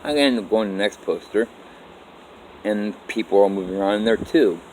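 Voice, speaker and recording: A man with a fairly low voice tells his own life story in a loose, rambling way. He stops and restarts his sentences and acts out what people said with "I'm like." A faint hiss sits under his voice. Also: fairly quick, darkish tone, poor audio. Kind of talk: casual first-person life story.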